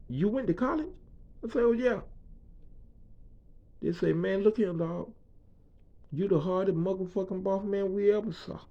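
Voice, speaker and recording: A man from the Bahamas telling a story from his own life in casual, profane slang, acting out what others said and repeating phrases for rhythm. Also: high-pitched. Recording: slightly dull lo-fi recording.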